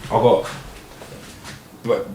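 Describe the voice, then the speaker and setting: A man's voice: extremely slow, warm tone, slight background noise. A man with a London accent, a guest telling his story in an interview, blunt and full of swearing and street slang. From England.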